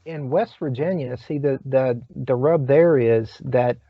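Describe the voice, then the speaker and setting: A man hosting a casual talk show, speaking haltingly with many fillers and restarts. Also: mid-range voice, husky. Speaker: host. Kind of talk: casual chat. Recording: dry, dull lo-fi sound.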